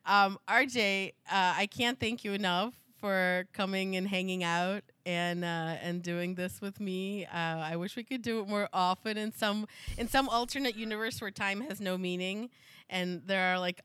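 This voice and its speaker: A woman's voice: medium pitch, a bit bright, clean tone, dry recording. A woman hosting a podcast in casual, rambling chat, laughing often. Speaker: podcast host.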